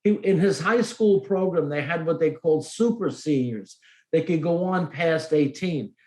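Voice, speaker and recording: A middle-aged podcast host with a voice on the high side tells a personal story at a moderate pace in a casual interview. He is expressive and acts out the dialogue, and the recording has an echoey room sound.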